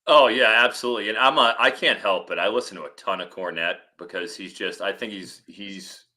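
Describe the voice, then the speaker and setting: A man, a football analyst, chatting casually on a podcast and telling rambling, animated stories with many restarts. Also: fairly low pitch, a little fast.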